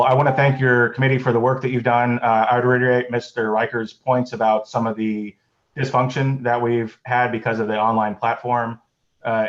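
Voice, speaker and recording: A convention delegate giving formal, argumentative testimony to a committee over a video call. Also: male voice, mid-range voice, lo-fi sound. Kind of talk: public testimony.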